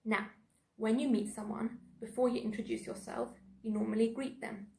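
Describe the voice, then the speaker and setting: A woman teaching a lesson in a clear, measured way. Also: fairly high pitch, level tone, darkish tone, rough recording. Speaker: English teacher. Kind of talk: online language lesson.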